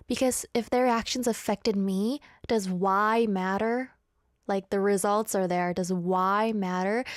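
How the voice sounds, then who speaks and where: A woman's voice: fairly high pitch, darkish tone, no room sound, studio quality. Chatty young woman radio host. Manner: chatty, ranting, playful asides. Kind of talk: casual chat reading listener messages. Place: radio studio. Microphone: studio microphone.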